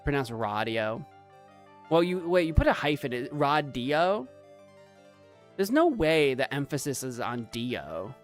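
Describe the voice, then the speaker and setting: A man streaming a game, giving playful, animated commentary and bantering with his chat. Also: mid-range voice, a little slow, soft background music. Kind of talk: let's play commentary.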